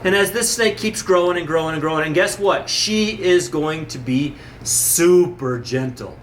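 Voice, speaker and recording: A man's voice: fairly high pitch, normal speed, a little hiss or hum. A man who owns a nature center, talking casually to viewers, enthusiastic and rambling with many repeated words and restarts. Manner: enthusiastic, gets emotional. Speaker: nature center owner presenting animals. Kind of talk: casual video talk to viewers.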